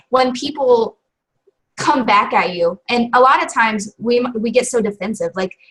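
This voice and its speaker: Woman, call guest, fairly high voice, lively storytelling, casual chat. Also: measured pace, poor audio. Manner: lively storytelling with acted quotes. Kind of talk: casual chat sharing experience.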